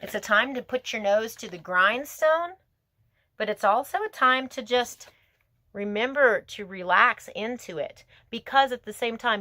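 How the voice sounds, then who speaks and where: A woman giving a tarot reading to her viewers, talking in a gentle, emotive, spiritual way that wanders from thought to thought. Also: a little high, animated, a little slow, no room sound. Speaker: tarot reader.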